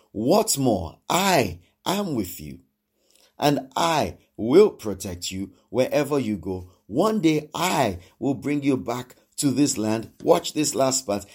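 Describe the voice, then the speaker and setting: A male preacher delivering a sermon with a gravelly, rough-edged voice at an ordinary middle pitch. He drives points home by repeating phrases and questioning his congregation. He swings between loud declarations and hushed lines. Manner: acts out quoted speech with sudden swings in loudness.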